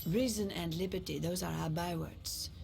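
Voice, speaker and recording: An actress playing a cool, reasoned dragon noblewoman in a video game, speaking in a measured, lofty way. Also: on the low side, steady tone, creaky, a little mellow, soft background music.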